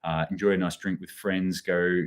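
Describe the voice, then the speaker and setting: Deep-voiced male host, loose off-the-cuff news commentary, reads out chat comments. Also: flat delivery, moderate pace, noisy background. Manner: rambling, many fillers and restarts, reads out chat comments.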